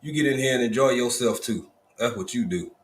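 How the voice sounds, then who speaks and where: A man's voice: mid-range voice, brisk, echoey room, a little hiss or hum. A man hosting a casual livestream, greeting viewers one by one in a folksy, easygoing manner. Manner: folksy, drawling Southern Black vernacular, repeated greetings. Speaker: livestream host.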